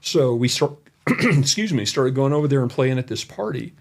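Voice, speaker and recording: A man's voice: medium pitch, expressive, moderate pace, gravelly. Man telling a rambling, folksy story. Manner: rambling and folksy, with many asides. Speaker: college development director, podcast guest. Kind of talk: anecdotal storytelling in a conversation. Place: indoor room.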